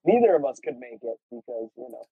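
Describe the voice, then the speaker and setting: A man's voice: mid-range voice, big pitch swings, fast talker, breathy edge, dry recording, narrow, tinny audio. A man co-hosting a podcast, talking in a laid-back, casual way. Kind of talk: casual chat.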